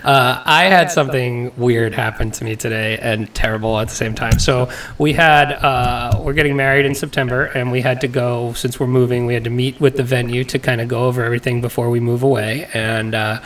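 A young man hosts a casual podcast, chatting loosely and often laughing through his stories. His voice sits at an ordinary middle pitch. He sounds set back from the microphone, with faint noise and clicks underneath. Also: fairly even intonation, brisk, hardly any pauses, fairly bright tone, distant mic. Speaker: podcast host.

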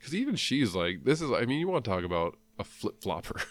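A man's voice: medium pitch, sing-song, fast talker. A man in casual chat who swears often and laughs a lot.

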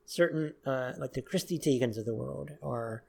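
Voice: mid-range voice, normal speed, gravelly, a little mellow, breathy edge. Podcast host chatting, laughing along. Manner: laughs along, riffs with mock quotes. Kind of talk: casual chat.

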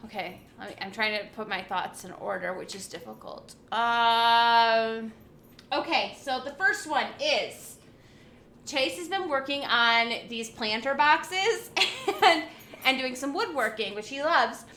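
A woman's voice: on the high side, expressive, unhurried, pushed and bright, echoey room, a little hiss or hum. A woman co-hosting a podcast, chatting casually and animatedly, acting out quotes and swearing as she tells a story. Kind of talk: casual chat.

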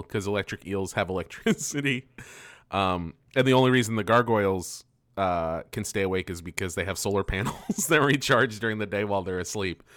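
Giggly low-voiced man recapping a cartoon. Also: fairly bright tone, dry recording. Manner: laughs often, loose and profane, acts out lines in quick silly voices. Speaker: podcast co-host. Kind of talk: casual chat recapping a cartoon episode.

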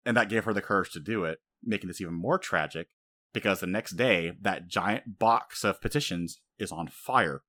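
Low-voiced man recapping a story. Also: moderate pace, no room sound, clean studio sound. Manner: animated storytelling, frequent fillers. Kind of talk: casual anime recap chat.

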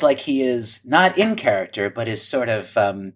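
A man's voice: medium pitch, sing-song, normal speed, fairly bright tone. A man co-hosting a podcast, thoughtfully describing old television clips in detail. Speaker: podcast co-host. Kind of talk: conversational film discussion.

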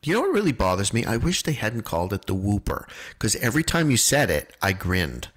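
A man co-hosts a podcast in easy, casual conversation, floating guesses and wry asides. His pitch moves around a lot as he talks, though his voice sits on the lower side. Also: very animated, a little fast, a bit bright, slightly rough. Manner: playful, speculative, wry. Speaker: podcast co-host. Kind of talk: casual chat.

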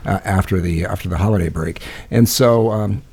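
A man's voice: low-pitched, moderate pace, vocal fry, darkish tone, breathy edge. A man in his forties, a podcast co-host, talking in a rambling casual way. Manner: rambling, lots of uh and restarts. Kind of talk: casual chat.

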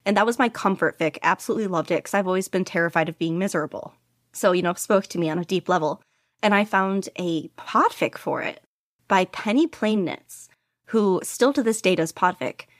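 A woman's voice: fairly low pitch, fairly quick, no echo, studio quality. A young woman being interviewed about her hobby, chatting casually in a rambling, enthusiastic way with lots of fillers. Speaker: guest podficcer.

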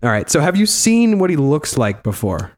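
A man's voice: a little high, very animated, moderate pace. A man hosting a casual podcast, talking loosely and rambling, swearing freely. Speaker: podcast host.

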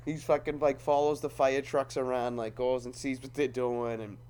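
A man's voice: medium pitch, level tone, normal speed, darkish tone, a little hiss or hum. A man in casual chat, swearing freely, laughing often and breaking into impressions.

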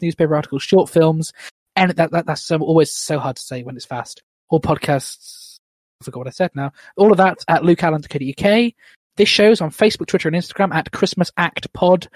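A man hosting a podcast in casual chat, rambling and rushing through his plugs. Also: fairly high pitch, no echo. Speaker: podcast host.

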